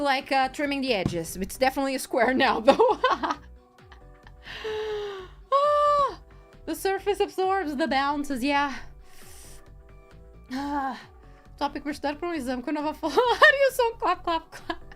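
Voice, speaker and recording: Woman livestreamer, casual crafting chat, bouncy and animated, giggly and rambling. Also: high voice, moderate pace, faint music behind. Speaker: streamer.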